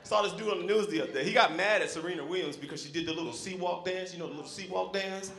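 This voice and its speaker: A man from South Central Los Angeles doing a loud, animated stand-up set, acting out characters. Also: sits high, quick pace, reverberant. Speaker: stand-up comedian. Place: comedy club stage. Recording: live club crowd noise. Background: laughing club audience.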